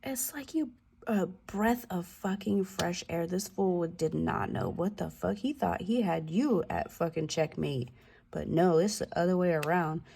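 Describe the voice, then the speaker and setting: A woman's voice: on the low side, unhurried, vocal fry, dark tone, slightly rough. A woman giving a casual tarot reading, loose and profane, with slangy asides and the odd drop into a whisper. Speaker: tarot reader.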